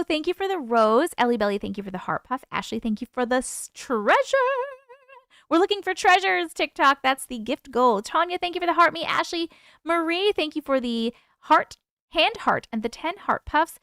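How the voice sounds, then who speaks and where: A woman's voice: high voice, lively intonation, moderate pace, a bit bright, no room sound, clean studio sound. A woman from the UK hosting a live stream at home, chatting casually and answering viewer comments as they come in. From United Kingdom.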